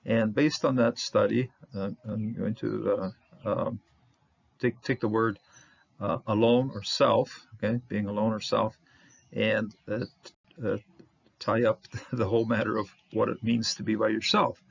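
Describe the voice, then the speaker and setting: A man teaching a Bible word study, halting with many fillers as he sounds out Hebrew words. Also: lowish voice, steady tone, gravelly, muffled recording.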